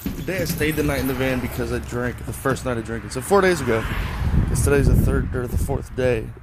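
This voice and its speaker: A young man rambling casually on his own vlog, thinking out loud and swearing freely as he talks outdoors into a phone. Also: medium pitch, a little fast, very noisy. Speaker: podcast host, delivery driver. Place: outdoors at home.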